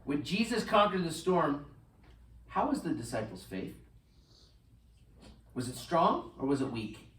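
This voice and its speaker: Animated preacher in a roomy church. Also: male voice, on the high side, measured pace, pauses often, far from the mic, a little hiss or hum. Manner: animated, swings between loud and hushed, acts out quotes. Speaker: pastor. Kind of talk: sermon. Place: church sanctuary.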